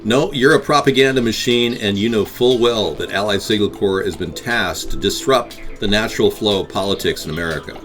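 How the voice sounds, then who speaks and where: Lowish-voiced man rambling on a live stream. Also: brisk, hardly any pauses, fairly bright tone, faint music behind. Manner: rambling, combative toward chat. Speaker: host of a live streamed talk show.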